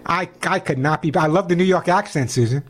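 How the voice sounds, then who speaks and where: A man hosting a call-in pet advice radio show, talking quickly and chattily, often restarting as he explains. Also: on the high side.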